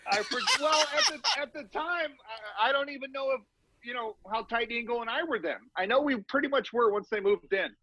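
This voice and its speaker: Male podcast co-host, high pitch, reminiscent and chuckling. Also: a little fast, bright, forceful tone, no echo, poor audio. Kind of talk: casual chat.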